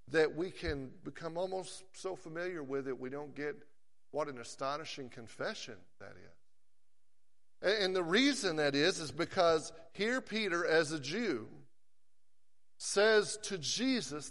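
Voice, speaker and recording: A man preaching a sermon, earnest and emphatic, slowing down to stress scripture quotations. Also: a little high, a bit bright, in a large hall.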